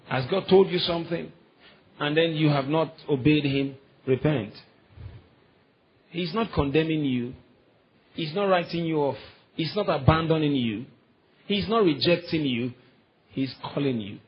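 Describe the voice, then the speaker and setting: A man's voice: on the high side, dull audio. A man preaching a sermon, quoting scripture and calling on the congregation to answer back. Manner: preaching with scripture quotes and call-and-response. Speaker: pastor.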